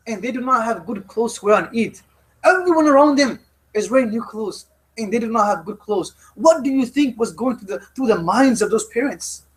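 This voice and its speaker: A man leading a youth study circle, telling a story as a lecture and repeating phrases for emphasis. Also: very high-pitched. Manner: repeats phrases for emphasis, often restarts lines.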